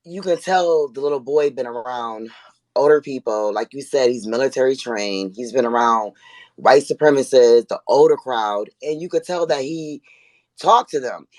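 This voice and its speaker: A woman from Buffalo, New York, calling in to a heated debate, talking in halting, rambling runs full of fillers. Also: a bass voice, darkish tone, dry recording. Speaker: caller.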